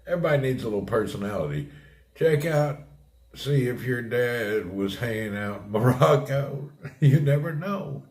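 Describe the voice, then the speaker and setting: A relaxed man talks to his viewers on a live stream, chuckling often. His voice swings up and down as he talks. He speaks at an unhurried pace in an echoey room. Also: medium pitch. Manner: laid-back, laughs often, chats with viewers. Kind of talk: casual live-stream chat. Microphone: streaming setup. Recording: roomy echo.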